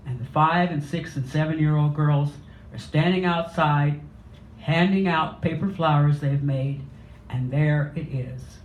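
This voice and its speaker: A man's voice: fairly high pitch, a little hiss or hum. A man reading a story aloud at an open mic in a small cafe. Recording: dull, echoey cafe room.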